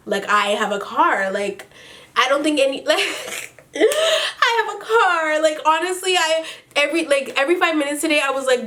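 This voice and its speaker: A woman's voice: on the high side, a bit bright. A young woman vlogging casually to camera, gushing and rambling with lots of fillers, swearing freely and sounding tired. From Canada. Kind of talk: casual storytime chat to camera.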